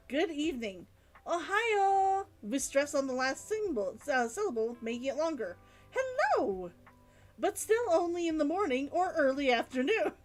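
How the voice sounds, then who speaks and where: A high-pitched woman streaming live talks casually to her chat, and her voice swings widely up and down as she muses aloud and reads out their comments. Soft music plays faintly behind her.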